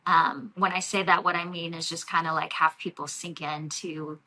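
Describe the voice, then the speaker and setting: A woman energy healer talking in a relaxed podcast interview, reflective and loose, with many fillers and light laughs. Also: low voice, normal speed, low-quality recording. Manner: warm, reflective, frequent fillers and soft laughs. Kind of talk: casual interview talk.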